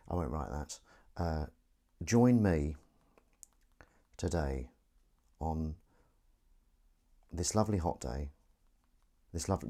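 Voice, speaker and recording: Low husky man rambling to his stream. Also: warm tone. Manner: rambling, self-mocking, talks to himself while setting up. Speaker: livestream host. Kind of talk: casual solo livestream chat.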